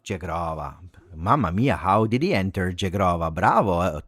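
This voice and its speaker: Male fan host, excitable live commentary, very lively intonation, dry close mic. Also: deep voice, normal speed, no room sound. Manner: excitable, swings from muttering to shouting. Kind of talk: live watch-along reaction commentary.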